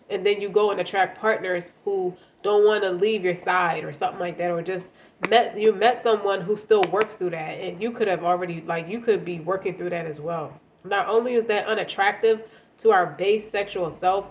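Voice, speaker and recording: A woman with a stuffy, congested voice gives a relaxed tarot reading, talking straight to the listener at a middling pitch. She often restarts and repeats words. The recording is a little dull, with faint noise underneath. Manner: conversational, repeats words, speaks directly to the listener. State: congested from a cold. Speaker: tarot reader. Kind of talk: casual tarot reading for viewers.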